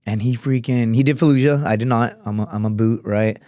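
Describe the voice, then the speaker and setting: Here the former Marine and fighter, a podcast guest, tells his story in a loose, rambling style full of profanity and fillers. His medium-pitched voice is brisk and mellow, and the clean studio sound has no room noise.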